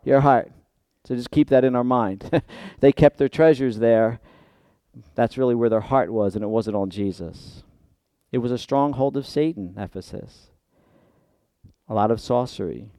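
A male pastor preaching a sermon in church, swinging from hushed asides to loud emphatic peaks. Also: medium pitch, unhurried, dry recording.

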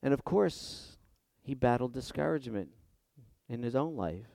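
A man preaching a sermon with passion, dropping to a hush and then rising loud and emphatic, often repeating words as he builds. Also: medium pitch, lively intonation, normal speed, gravelly, dry recording. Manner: impassioned, swinging from hushed to loud and emphatic; repeats words when stirred.

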